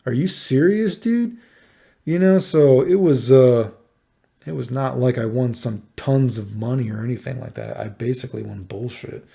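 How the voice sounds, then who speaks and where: A man in his thirties, rambling through a personal story with a gravelly edge and a dark, relaxed tone. He swears freely and sounds exasperated as he retells it in a casual vlog manner. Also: mid-range voice, normal speed. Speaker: vlogger.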